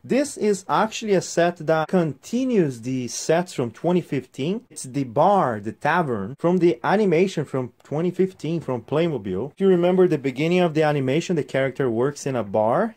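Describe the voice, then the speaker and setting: A man's voice: on the high side, darkish tone. A man reviewing a toy set in a casual, chatty way, showing the pieces as he explains them.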